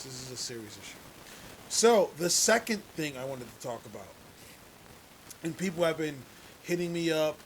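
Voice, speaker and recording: A male vlogger talks straight to his audience in a loose, conversational way, often backing up to restart a thought. His voice sits a little high for a man, with a faint hiss under the recording. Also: low-quality recording. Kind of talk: casual political commentary to camera.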